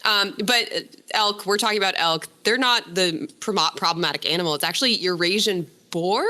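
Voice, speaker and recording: A woman talks through a news story in a loose, conversational way. Her voice is bright and forward, and she often trips over a word, corrects it and laughs it off. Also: lowish voice, brisk. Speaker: reporter explaining a story. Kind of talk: casual conversational explainer.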